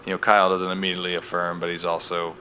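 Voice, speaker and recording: A man's voice: low voice, completely flat delivery, racing, sharp tone, a little hiss or hum. A man co-hosting a podcast, recapping a TV episode in casual chat with wry, joking asides. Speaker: podcast co-host.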